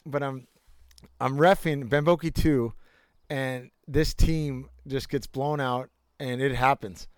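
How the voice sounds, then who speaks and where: A man's voice: medium pitch, fairly even intonation, slow, smooth, no room sound. A young man in casual chat, telling rambling anecdotes with bursts of laughter and crude jokes. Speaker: storyteller.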